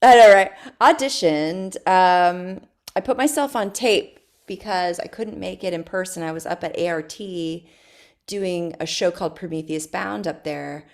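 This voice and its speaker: A woman with a notably low speaking voice chats as an interview guest. She tells her stories in an animated, casual way and breaks into laughter often. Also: a little slow. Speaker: guest, stage actress.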